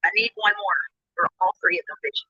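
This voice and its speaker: A speaker in a replayed video clip, ranting excitably and swearing constantly. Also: medium pitch, a little fast, slightly rough, dry recording. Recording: muffled dry clip audio.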